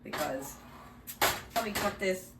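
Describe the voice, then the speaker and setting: A woman's voice: mid-range voice, lively intonation, takes it slowly, very noisy. Chatty woman cooking vlogger. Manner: chatty, eats while talking. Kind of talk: casual cooking vlog.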